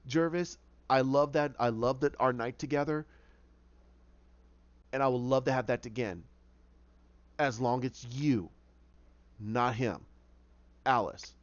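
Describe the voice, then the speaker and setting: A man's voice: medium pitch, no echo, pitched below the performer's own voice, close to an everyday voice. A man voicing a defiant, fearless young woman in a firm, pointed tone. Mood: tender. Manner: firm, confrontational, slow and pointed. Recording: dull lo-fi dry recording.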